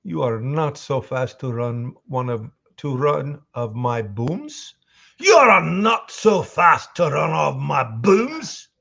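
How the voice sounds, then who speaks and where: A man's voice: mid-range voice, slow, gravelly, hardly any pauses. A man voicing a drunken Scottish demolitions man with slurred, boozy speech.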